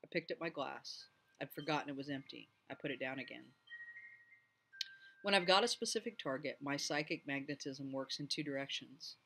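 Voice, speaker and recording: A man reading a novel aloud at home, lively and doing each character's voice. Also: mid-range voice, moderate pace, gravelly, slight background noise. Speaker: audiobook reader.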